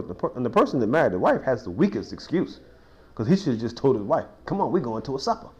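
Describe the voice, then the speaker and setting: Man, Bible study teacher, informal, folksy, restarts often, medium pitch, small cafe. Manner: informal, folksy, builds to excited sports stories; frequent restarts and you-knows.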